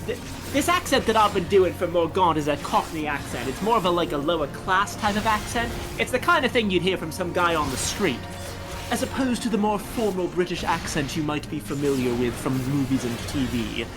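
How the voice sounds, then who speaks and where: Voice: medium pitch, lively intonation, a little fast, music in the background. A game streamer chatting casually and explaining things while playing, with chatty asides. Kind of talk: casual let's-play commentary.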